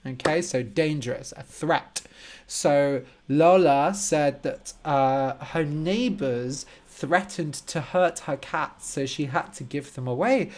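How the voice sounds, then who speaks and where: Guy doing a live english lesson, talks real slow and clear, says hi to viewers. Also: on the high side, a little mellow. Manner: slow, clear, simplified speech for learners; greets viewers by name and explains words. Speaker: language teacher hosting a live stream. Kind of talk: casual live-stream chat with viewers.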